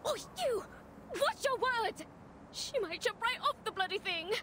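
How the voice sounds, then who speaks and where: A woman putting on a frantic woman bystander who shouts shrilly from the street. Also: very high voice, animated, unhurried, slight background noise, pitched above the performer's own voice, heavily acted. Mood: alarmed.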